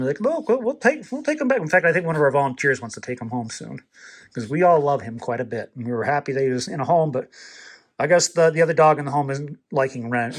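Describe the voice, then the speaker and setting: Affectionate rescue volunteer, slightly high voice. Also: male voice. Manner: affectionate, rambling, laughs often, soft night-night goodbyes. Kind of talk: casual bedtime vlog to shelter dogs. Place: animal shelter kennel at night.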